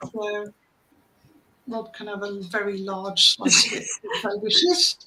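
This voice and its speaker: A woman's voice: mid-range voice, little pitch movement, takes it slowly, crowd noise, rough recording. A woman chatting casually in a group call, laughing along. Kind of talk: casual chat.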